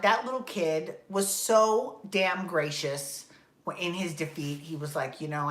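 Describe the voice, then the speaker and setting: A woman's voice: on the low side, fairly bright tone. Profane ranting woman in echoey room. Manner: exasperated, profane, rambling. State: dry throat, coughing. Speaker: podcast host. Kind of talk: casual recap rant.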